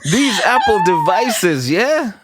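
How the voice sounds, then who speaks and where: A woman's voice: medium pitch, big pitch swings, takes it slowly, very noisy. A woman hosting a podcast, reacting to her guest with short remarks and murmurs. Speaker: podcast host. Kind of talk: casual interview chat.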